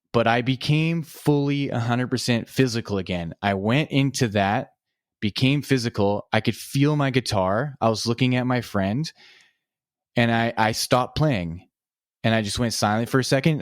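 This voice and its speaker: A man, a podcast guest, telling a story in a relaxed, casual way, with lots of filler words and swearing. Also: mid-range voice, no room sound, clean studio sound.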